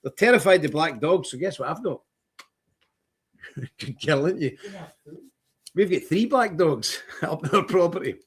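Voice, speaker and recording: Husky fiery British-born older man ranting. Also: on the high side, expressive, measured pace, long pauses. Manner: fiery, preachy, defiant. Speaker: streamer host. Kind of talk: impassioned livestream rant.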